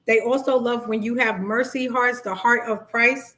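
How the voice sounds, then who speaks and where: A middle-aged woman life coach, talking casually to a live-stream audience and acting out quoted dialogue. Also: moderate pace. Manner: chatty, animated, acts out quoted dialogue in high voices. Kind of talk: live-stream talk on narcissistic abuse.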